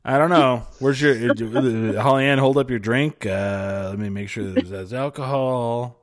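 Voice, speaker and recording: A man's voice: medium pitch, measured pace, no echo, studio quality. A man hosting a live podcast in casual chat, joking and slipping into mock voices. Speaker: podcast host.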